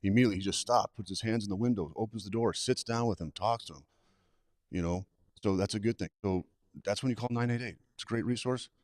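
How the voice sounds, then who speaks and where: A man's voice: on the low side, fast, darkish tone, dry recording, clean studio sound. A middle-aged man giving direct, practical guidance as a guest trainer on a live webcast. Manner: direct, plain-spoken, practical. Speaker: suicide prevention trainer, guest.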